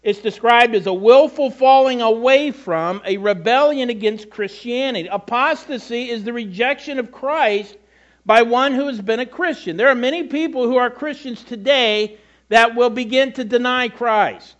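A man's voice: very high-pitched, normal speed, muffled recording. A middle-aged male pastor preaching a sermon in a conversational way, with self-deprecating asides and frequent repetitions.

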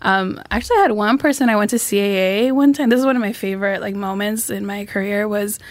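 A woman's voice: mid-range voice, fast talker, no echo. A woman filmmaker talking earnestly in a casual podcast conversation, acting out the people she quotes. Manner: earnest, reflective, acts out quoted dialogue. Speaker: filmmaker guest.

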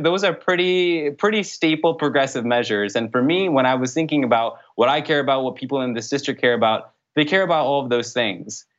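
A young man answering interview questions as a political candidate, in an earnest, brisk way with frequent fillers. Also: mid-range voice, fairly bright tone. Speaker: congressional candidate. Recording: dull lo-fi sound.

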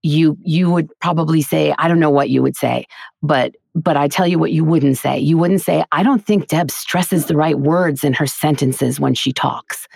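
A woman's voice: low voice, normal speed, gravelly, a little mellow, breathy edge, no room sound, clean studio sound. A woman who teaches voiceover acting, talking earnestly and emphatically in a casual podcast interview.

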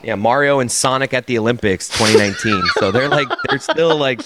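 A man's voice: medium pitch, fairly quick, very noisy. A man co-hosting a podcast, chatting casually, asking questions and telling stories about a friend. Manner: chatty, asks questions, tells anecdotes. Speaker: podcast co-host. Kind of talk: casual chat.

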